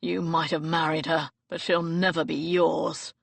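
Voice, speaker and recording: A woman voicing a protective male hero in an audiobook, speaking slowly and coldly with held-back anger. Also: deep voice, little pitch movement, gravelly, dry recording, full character voice. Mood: vengeful.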